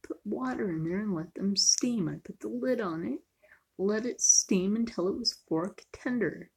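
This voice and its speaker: A woman's voice: mid-range voice, unhurried, vocal fry, dark tone, husky. A woman chatting casually in a cooking vlog, joking and often dropping to a near whisper. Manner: chatty, jokey, sometimes drops to a near whisper. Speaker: vlogger.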